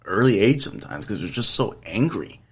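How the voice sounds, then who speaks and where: A man's voice: on the low side, big pitch swings, a little fast, breathy edge. A man hosting a podcast, talking earnestly and rambling in casual chat, swearing freely. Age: adult, past his twenties. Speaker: podcast host.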